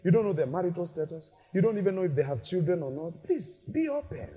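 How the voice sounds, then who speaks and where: A male pastor preaching a lively sermon in a large church hall, mixing shouted peaks with playful asides. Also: a little high, quick pace, breathy edge. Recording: long hall reverb from a church.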